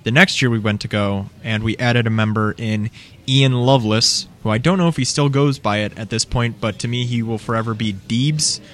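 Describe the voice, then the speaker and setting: A young man with a bright, forward voice tells rambling, chuckling stories about his band. He is a guest in a casual interview recorded in a coffee shop, with his pitch sitting in a middle range. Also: moderate pace. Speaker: musician guest.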